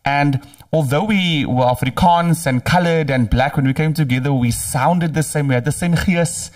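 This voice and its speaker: A man's voice: on the high side, normal speed, distant mic. A man from Africa, hosting a casual podcast chat and often murmuring agreement. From South Africa. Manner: relaxed, frequent murmured agreement. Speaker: podcast host. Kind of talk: casual conversation.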